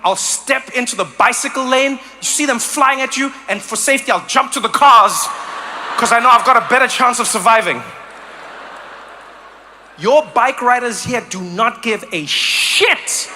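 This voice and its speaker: A stand-up comedian from tells his stories in an animated way and keeps slipping into mock voices. His voice sits high and sounds bright and cutting, with faint background noise. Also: moderate pace. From South Africa.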